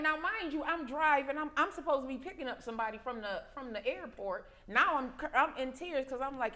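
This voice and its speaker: Animated woman telling a story with laughs. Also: high voice, a little fast, few pauses. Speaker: podcast host. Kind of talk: casual chat among women.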